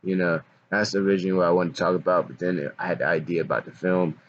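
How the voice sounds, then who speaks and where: A man's voice: low voice, fairly even intonation, fast talker, highs cut off, a little hiss or hum. Laid-back slangy man vlogging. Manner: slangy, laughs often, self-mocking. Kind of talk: casual rambling monologue.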